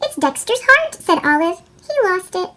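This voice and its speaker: A woman voicing a chipmunk-pitched brave little dog. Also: sing-song, moderate pace, pushed and bright, full character voice. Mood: earnest. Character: brave, kind female dog. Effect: sped-up chipmunk pitch shift.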